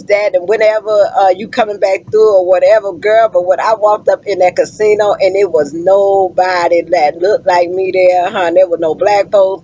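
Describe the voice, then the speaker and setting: Animated woman trucker telling stories. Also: mid-range voice, husky. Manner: animated, laughing, exclaiming. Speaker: truck driver. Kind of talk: casual vlog storytelling. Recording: dull lo-fi sound.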